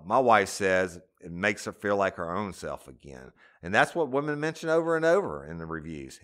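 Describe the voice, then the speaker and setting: A man reading a scripted ad in a smooth, persuasive manner. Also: on the low side, a bit bright. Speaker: ad reader. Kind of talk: scripted ad read.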